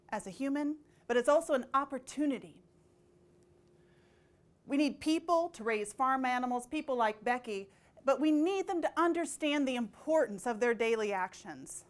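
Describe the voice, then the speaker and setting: A woman in her thirties, a conference speaker telling lively stories in a keynote talk and acting out the voices of people she quotes. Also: high-pitched. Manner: animated, acts out quoted voices.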